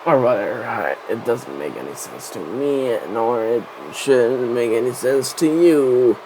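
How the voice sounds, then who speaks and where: A man's voice: medium pitch, lively intonation, unhurried, background noise. A man giving rambling, casual gaming commentary, swearing constantly. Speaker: gameplay commentator.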